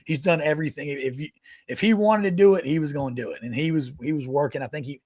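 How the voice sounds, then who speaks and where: This man, a veteran of the army in his thirties, swears and laughs his way through lively stories as a podcast co-host. He talks fast in a slightly high voice, and there's no echo.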